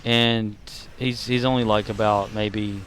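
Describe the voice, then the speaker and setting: Streaming a game, a Southern US man chats casually in a lowish, slightly bright voice with a flat delivery and measured pace. His gaming commentary rambles, jokes around, and leans heavily on fillers. There's a bit of hiss or hum in the audio.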